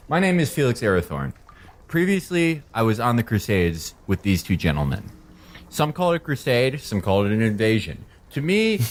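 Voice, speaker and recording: A man's voice: fairly low pitch, a little hiss or hum. A man playing a tabletop game in character, with a wry and jokey manner. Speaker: player.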